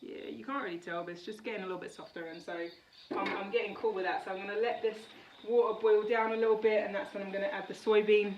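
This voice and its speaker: A woman's voice: mid-range voice, fairly even intonation, fast, highs cut off. A woman from the United Kingdom chatting casually in a cooking vlog from her home kitchen, rambling with many fillers. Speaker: vlogger. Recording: roomy kitchen, mic at a distance, faint background.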